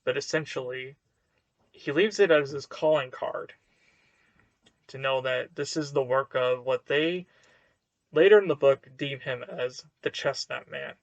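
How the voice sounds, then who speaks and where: A man's voice: mid-range voice, a little slow, long pauses, no room sound, highs cut off. A man giving a casual book review to camera, hesitant and full of fillers and restarts.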